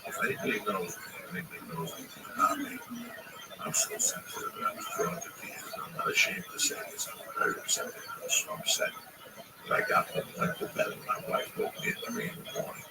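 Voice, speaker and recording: A man's voice: extremely high pitch, huge pitch swings, fairly quick. A man hosting a livestream, telling stories and ranting with blunt, heavily profane advice. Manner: blunt, heavy swearing, preachy advice. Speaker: livestream host. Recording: distant mic in loud noise.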